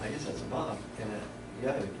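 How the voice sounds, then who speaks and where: A man's voice: fairly low pitch, normal speed, far from the mic. A man teaching a Bible study in a conversational way, often stopping and restarting his sentences. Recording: echoey room, mic from afar, background noise.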